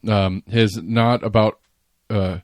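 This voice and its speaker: A man's voice: on the low side, steady tone, slow, no echo. A man, co-hosting a casual podcast chat, rambling, repeating words and swearing offhand. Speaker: podcast co-host.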